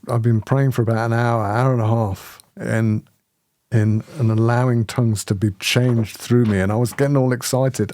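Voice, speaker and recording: Leading a spiritual community, this man shares a personal story in animated conversation, frequently laughing and starting sentences over. His voice is medium-pitched, with no echo.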